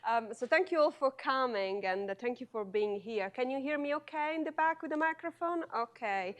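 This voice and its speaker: A woman in her forties with an Italian accent gives an academic lecture, speaking slowly and deliberately with frequent filler sounds. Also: high-pitched, lively intonation. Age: 40s. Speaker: guest lecturer, philosophy professor.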